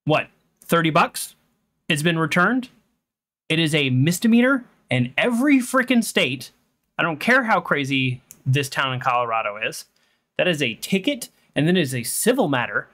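A game streamer giving heated, animated commentary during a playthrough, ranting and arguing points out loud. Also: medium pitch, normal speed. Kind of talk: let's play commentary.

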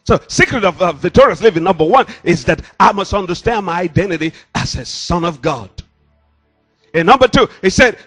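Male pastor, sermon delivery, husky timbre, animated pitch, handheld mic. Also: a little fast, faint music behind. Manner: emphatic preaching with rhetorical questions. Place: church. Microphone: handheld microphone.

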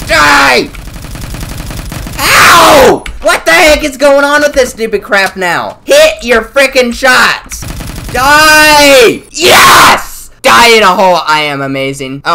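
A gaming YouTuber giving live gameplay commentary, excitable and yelling at the game with mild cussing, then winding down calmly to talk to viewers. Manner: calm, low-key wrap-up when talking to viewers.

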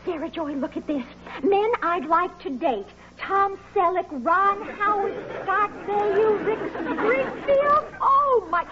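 An actress playing a fussy, devoted middle-aged secretary in a 1980s sitcom, prim and easily flustered. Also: female voice, extremely high pitch, slow pace, few pauses, sharp tone, highs cut off, a faint crowd, slight background noise, heavily acted. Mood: fretful.

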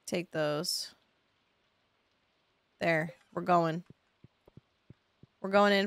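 A woman's voice: lowish voice, steady tone, extremely slow, pauses often, dry recording, studio quality. A young adult woman streaming a farming game, chatting sarcastically with her chat and swearing now and then. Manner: chatty, sarcastic, swears, yelps when panicked. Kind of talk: casual let's-play commentary to chat.

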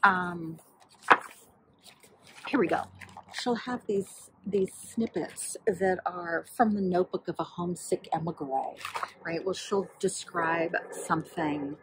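Woman, low voice, slow unhurried talk, casual book chat, rambling with fillers, faint background hum. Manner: rambling, many fillers, flips through the book while talking. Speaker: book vlogger.

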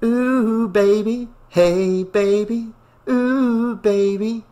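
A man voicing a playful young woman who teases and sings softly. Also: on the high side, fairly even intonation, normal speed. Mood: singing softly. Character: teasing young woman, playful backup singer.

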